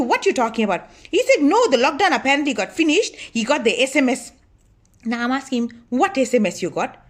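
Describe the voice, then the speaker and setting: A woman playing a bossy older auntie who chats to viewers in a comic monologue, scolding and gossiping about her lazy husband. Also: high voice. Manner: chatty, gossipy, scolding, addresses viewers as y'all. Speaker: comedy sketch character.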